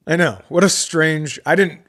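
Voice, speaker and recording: A man's voice: a little high, fairly bright tone. A middle-aged male comedian hosting a podcast, telling a story in profane casual chat and acting out both sides of the conversation.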